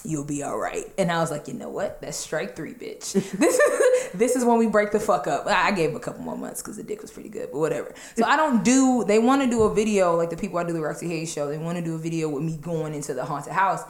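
A woman telling a wild story in a casual chat, animated and laughing, swearing freely. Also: on the low side, fast, hardly any pauses, echoey room. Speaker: show host.

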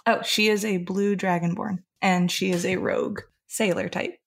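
A woman's voice: medium pitch, steady tone, normal speed, gravelly. A woman playing in a tabletop game, casually introducing her character in an easygoing, slightly giggly way. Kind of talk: casual chat describing a character.

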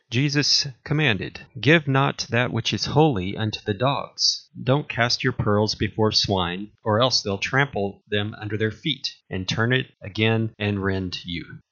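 A man preaching, reading a long series of scripture commands aloud in a measured, solemn way. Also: on the low side, pushed and bright. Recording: dull lo-fi recording.

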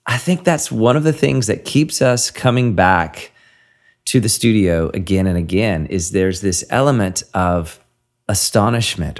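A man hosts a conversation about creative work. He speaks in a low-pitched voice and muses thoughtfully. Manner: thoughtful, musing. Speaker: podcast host. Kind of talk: reflective interview talk.

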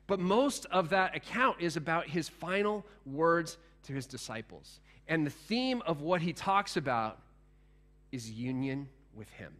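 A man preaching a sermon in a conversational, animated way, with frequent restarts and asides to the congregation. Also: on the high side. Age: adult, past teenage years. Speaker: pastor.

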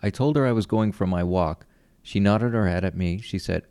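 Man reading a story, really low voice, kinda gravelly, calm and even. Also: moderate pace, no room sound. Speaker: narrator. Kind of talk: first-person story narration.

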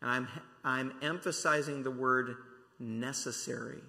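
A man's voice: on the high side, moderate pace, sharp tone. A man preaching a sermon, emphatic and repeating key words to drive his points home, heard in a large hall. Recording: long reverb from a large hall.

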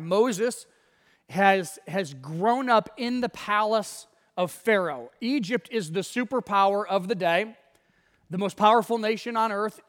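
A man's voice: high voice, a bit bright, long reverb tail. A man preaching a sermon as pastor, retelling the story in a casual, conversational way.

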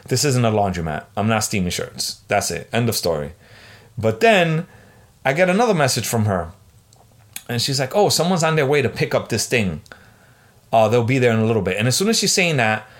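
Male podcast host, about forty, slightly low voice, swearing, exasperated solo rant. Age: 40s.

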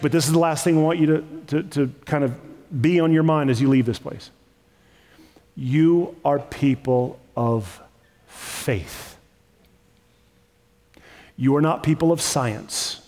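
A man who is a pastor, preaching a sermon with impassioned, repetitive emphasis. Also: fairly high pitch. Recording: hall reverb.

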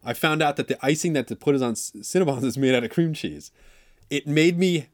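A man's voice: a little high, brisk, no room sound, clean studio sound. A man co-hosting a casual chat show, joking and rambling with mock outrage. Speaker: podcast co-host.

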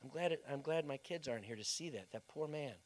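A man voicing a grieving mother who pleads anxiously for her son, speaking in anguished, halting phrases. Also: fairly high pitch, natural voice. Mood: anguished pleading.

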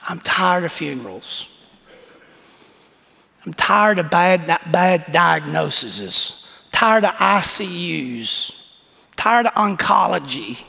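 Husky high-voiced pastor preaching in a hall. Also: male voice, animated, slow, long pauses, sharp tone. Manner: impassioned, folksy storytelling preaching. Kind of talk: sermon. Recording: echoey hall reverb.

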